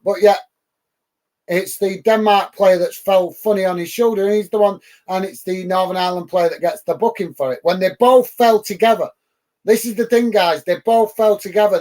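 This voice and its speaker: A man's voice: high voice, normal speed, darkish tone. A man from the UK hosting a live football watch-along, calling the match and chatting casually with viewers, with frequent ums and uhs.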